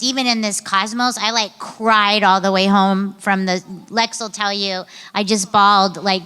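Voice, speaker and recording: Woman, voice actor panelist, effusive and heartfelt, smooth clear tone, hall reverb. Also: mid-range voice, bright, forceful tone. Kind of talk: conversational convention panel answer. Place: convention panel room. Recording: convention hall with long reverb.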